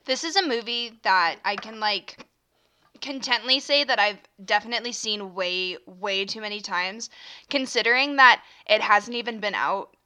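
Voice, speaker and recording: Speaking at a moderate pace in a mid-range voice, this podcast host sounds sharp and clean. She's alone on the mic, chatting and rambling with frequent fillers, cutting herself off, and hiccupping throughout.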